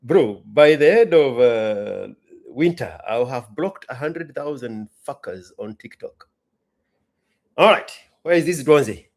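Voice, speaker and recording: A man's voice: medium pitch, lively intonation, slow, darkish tone. Exasperated Kenyan man ranting. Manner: exasperated, mocking rhetorical questions. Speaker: host. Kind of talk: ranting commentary.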